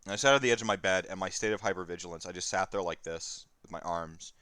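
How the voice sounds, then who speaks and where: A man in his thirties, a stream host, telling a candid personal story in a rambling, halting way with many fillers. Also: low-pitched, sharp tone, clean tone, no echo.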